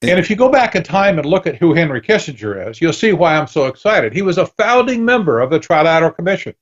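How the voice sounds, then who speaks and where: A man's voice: a little high, fast talker, lo-fi sound. A man talking as a guest on a radio interview, telling stories with animation and acting out bits of dialogue. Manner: animated storytelling, acts out dialogue. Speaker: guest author.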